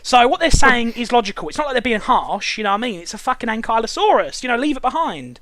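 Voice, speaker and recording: A man's voice: extremely high pitch, sing-song, quick pace, bright, forceful tone, dry recording. A man hosting a casual review chat, ranting sarcastically and swearing often. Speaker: show reviewer and host.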